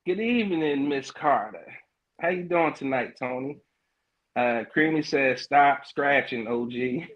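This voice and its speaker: A middle-aged man hosts a casual podcast livestream, reading out comments as he goes. He talks loose and hyped, heavy on slang and fillers, and his voice sits at an ordinary middle pitch. The audio is a little dull and lo-fi. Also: lively intonation, a little slow. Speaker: podcast host.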